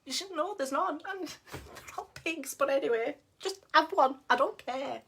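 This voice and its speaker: A middle-aged woman talks straight to camera, mixing blunt advice with laughter and restarts. Her voice sits a little high and sounds bright and forceful. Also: expressive, moderate pace, creaky, slight background noise. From United Kingdom. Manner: chatty, blunt and down-to-earth, laughs often, many restarts. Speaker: network marketing team leader. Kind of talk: casual motivational talk to camera.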